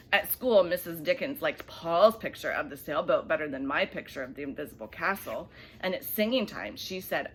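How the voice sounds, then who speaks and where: A woman reading a children's bedtime story aloud, animated and expressive, with soft hushed asides. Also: lowish voice, moderate pace, slight background noise.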